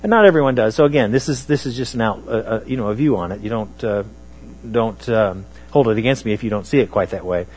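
A man preaching a sermon on scripture, talking in a halting way with many fillers and restarts. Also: lowish voice, darkish tone.

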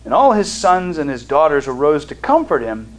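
A man teaching a Bible study in a conversational way. He reads scripture aloud and pauses to explain it, with fillers and restarts. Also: a little high, big pitch swings, slight background noise, rough recording. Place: seated, studying notes.

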